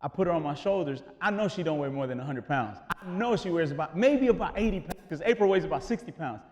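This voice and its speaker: A man preaching a sermon in an animated, conversational way, dropping casual slang as he explains. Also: a little high, fast, long reverb tail, slight background noise. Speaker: pastor.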